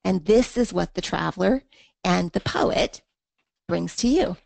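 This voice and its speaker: A woman's voice: fairly low pitch, measured pace, gravelly, a little mellow, no echo. A woman teaching a poetry lesson in an online class, thinking aloud with fillers and reading verse in a rhythmic beat. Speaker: literature teacher.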